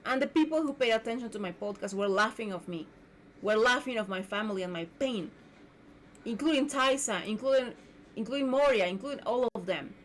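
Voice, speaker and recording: A woman's voice: on the high side, animated, brisk, a little hiss or hum. A woman hosting her own podcast, delivering an indignant, repetitive rant as a solo monologue. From Mexico. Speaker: podcast host.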